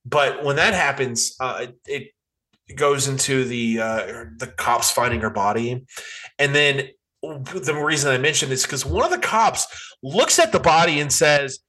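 A man's voice: mid-range voice, animated, unhurried, bright, forceful tone. A man in casual podcast chat, retelling a movie with exasperated swearing. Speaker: podcast co-host.

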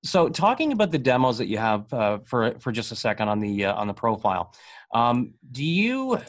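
A man's voice: mid-range voice, sing-song. A man from North America hosting an interview podcast, eager and chatty, often restarting his sentences. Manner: quick, eager, many restarts. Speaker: podcast host. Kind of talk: casual interview talk.

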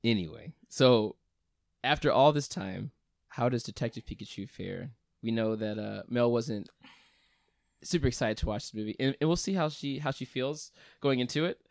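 A young man hosting a casual podcast, upbeat at the intro and relaxed and joking in the chat. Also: medium pitch, moderate pace, vocal fry, no echo, studio quality. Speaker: podcast host.

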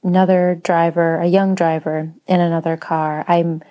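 A woman who writes and teaches writing, speaking slowly in a soft, reflective personal monologue with frequent pauses. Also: on the low side, flat delivery, muffled recording. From Spanish-speaking home. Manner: slow, soft-spoken, pausing often.

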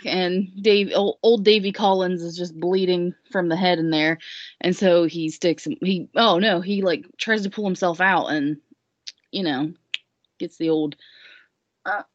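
A woman's voice: fairly low pitch, unhurried, no room sound. Rambling, jokey woman on a lo-fi mic. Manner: rambling, jokey, with lots of fillers. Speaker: guest recapping a musical. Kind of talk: casual podcast chat. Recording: dull lo-fi recording.

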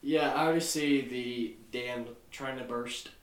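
A man's voice: medium pitch, fairly even intonation, a little slow. Dry, teasing man hosting, echoey room. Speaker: podcast host. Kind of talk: casual chat.

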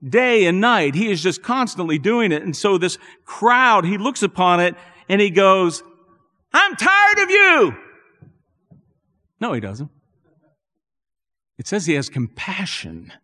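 A man's voice: sits high, takes it slowly, pauses often. Earnest male pastor preaching in a reverberant hall. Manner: earnest, building to animated emphasis. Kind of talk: sermon. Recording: long reverb in a church hall.

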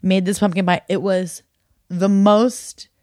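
A woman's voice: mid-range voice, little pitch movement, slow, mellow, no room sound, clean studio sound. A woman co-hosting a podcast in casual chat, telling stories and laughing often. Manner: chatty, storytelling, laughs often. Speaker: podcast co-host.

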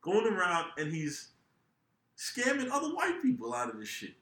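A man hosting a podcast, telling a story in a casual, profane way with lots of laughter. His bright voice swings widely in pitch, and the room around him is echoey. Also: huge pitch swings, moderate pace. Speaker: podcast host.

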